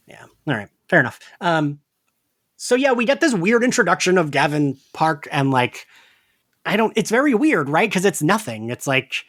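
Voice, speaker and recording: A man's voice: on the high side, big pitch swings, normal speed, fairly bright tone. A man co-hosting a casual podcast chat, talking loosely and acting out quoted lines. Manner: chatty, acts out quoted lines. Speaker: podcast co-host.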